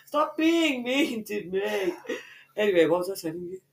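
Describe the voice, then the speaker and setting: Brash young woman, podcast co-host, swears nonstop, slangy, very animated delivery. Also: medium pitch, normal speed, a little hiss or hum. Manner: brash, swears constantly, playful insults; slangy street talk. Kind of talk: casual banter.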